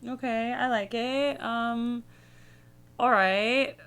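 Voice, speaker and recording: A woman's voice: on the high side, steady tone, slow pace, a bit bright, clean tone. Rambling woman host musing aloud. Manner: musing, rambling, hums melodies. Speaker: music reaction host. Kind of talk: casual reaction chat.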